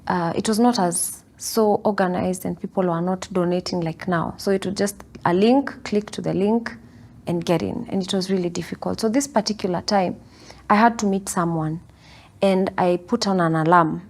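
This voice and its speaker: A woman's voice: lowish voice, normal speed. A woman telling a personal spiritual testimony, earnest and storytelling, acting out her own past words. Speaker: devotee sharing testimony. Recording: soft guitar music underneath.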